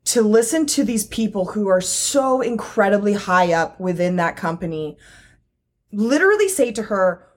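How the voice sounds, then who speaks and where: A woman's voice: medium pitch, very animated, moderate pace. A woman co-hosting a casual chat, emotional and gushing, swearing freely and using lots of fillers.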